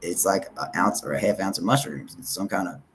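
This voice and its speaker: A man's voice: deep voice, a little fast, fairly bright tone, slight background noise. A man rambling in a casual monologue, swearing and laughing often, sometimes muttering.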